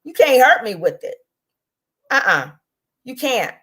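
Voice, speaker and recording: A woman livestreams an angry, profane rant against a rival, combative throughout, her words drawn out and then rushed. Her mid-range voice is expressive, pushed, and bright.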